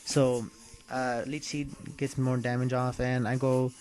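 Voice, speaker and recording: A man's voice: mid-range voice, little pitch movement, unhurried, darkish tone, faint music behind. A young man casually recapping a video game battle move by move in a laid-back, slangy way. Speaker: video game let's player. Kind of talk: casual gameplay recap commentary.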